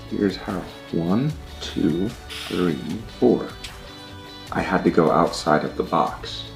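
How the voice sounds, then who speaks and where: A man hosting a vlog, giving a motivational talk to camera and explaining his ideas with examples, sometimes speeding up and sometimes slowing down. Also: low voice, creaky. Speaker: vlog host.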